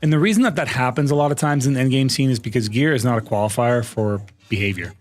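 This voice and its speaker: A man's voice: mid-range voice, fast, no room sound. A man streaming a game live, chatting casually with his viewers, rambling with many fillers and restarts. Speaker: gaming streamer.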